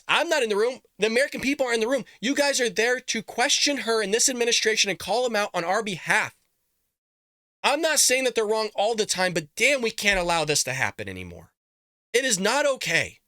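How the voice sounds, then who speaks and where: A man's voice: high voice, sharp tone, dry recording, clean studio sound. A man hosting a political commentary show, ranting in a riled-up, emphatic way with frequent swearing. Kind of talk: heated political rant.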